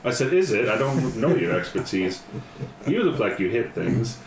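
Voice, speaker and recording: A man's voice: mid-range voice, very animated, normal speed, crowd noise. A man playing a tabletop game, joking and teasing in character. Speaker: player. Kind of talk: casual chat and in-character play. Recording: roomy mic with clear background noise.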